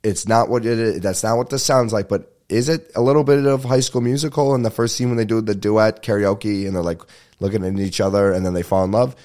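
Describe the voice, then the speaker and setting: A young man riffs through a solo podcast in a loose, rambling way. His voice sits on the low side, and he tends to rush his words and swear freely. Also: fairly even intonation, darkish tone. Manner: rambling, swears casually, fast-talking. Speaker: podcast host. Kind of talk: casual solo podcast chat.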